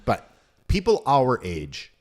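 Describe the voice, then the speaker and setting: A middle-aged man hosts a casual podcast chat, telling stories with plenty of swearing. His pitch moves widely, and he loudly acts out what other people said. He talks with an easy, storytelling energy. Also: huge pitch swings, slow pace. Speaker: podcast host.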